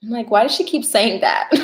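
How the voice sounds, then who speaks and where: A woman's voice: on the high side, reverberant, poor audio. A young woman, chatting casually with viewers during a tarot livestream. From New York.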